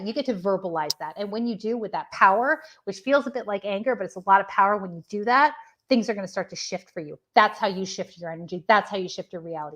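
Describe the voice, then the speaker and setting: A woman giving gentle, affectionate channeled readings on a live stream. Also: medium pitch. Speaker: spiritual medium giving readings.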